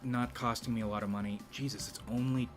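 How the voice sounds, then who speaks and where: A man hosting a YouTube channel in a rambling, casual monologue, speaking in a deliberately low register with a slight vibrato. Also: fairly even intonation, over music. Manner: rambling, with frequent restarts and profanity.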